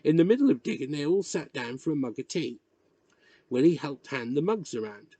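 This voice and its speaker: A man narrates a novel in a measured, storytelling manner. His intonation rises and falls in a lively way, with a slightly husky tone. The recording is dry and close, with no room sound. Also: on the high side, no room sound. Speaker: reader. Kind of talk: audiobook narration.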